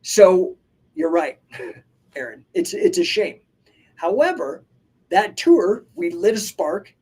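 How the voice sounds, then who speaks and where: Husky-voiced man telling stories energetically. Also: sits high, takes it slowly. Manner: energetic storytelling with many asides and restarts; casual, swears freely. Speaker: podcast host and coach. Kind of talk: casual live podcast talk. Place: live stream.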